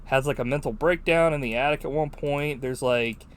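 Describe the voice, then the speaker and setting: A man's voice: medium pitch, moderate pace, slight background noise. Rambling, swearing male podcast host. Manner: rambling, profane, full of "like". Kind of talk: casual film chat.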